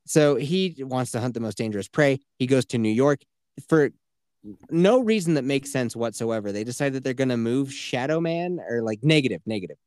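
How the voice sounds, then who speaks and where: Animated, profane man recapping a game. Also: medium pitch, moderate pace, no room sound, studio quality. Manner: profane, animated, mocking retelling. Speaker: podcast host. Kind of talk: casual game review chat.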